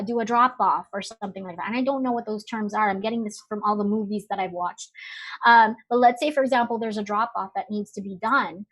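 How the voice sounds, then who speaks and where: A woman from the Philippines presents a live webinar in a relaxed, chatty way. Her voice sits a little higher than most, and she leans on fillers and asks her listeners rhetorical questions. She sounds like she is talking into a computer microphone. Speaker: webinar speaker.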